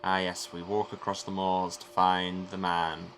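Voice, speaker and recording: A man's voice: sits low, completely flat delivery, measured pace, fairly bright tone, slight background noise. A man with an English accent giving sardonic, rambling commentary while playing a video game. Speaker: let's play host. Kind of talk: let's play commentary.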